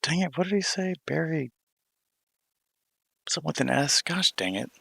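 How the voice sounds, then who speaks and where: A man's voice: fairly high pitch, animated, normal speed, gravelly, fairly bright tone, breathy edge, no echo. A man livestreaming in casual, rambling talk, often restarting his thoughts and cursing mildly, indoors at home.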